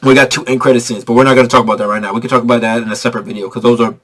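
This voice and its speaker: A young man giving an excitable, slangy spoiler review of a movie, repeating himself for emphasis. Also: medium pitch, very fast.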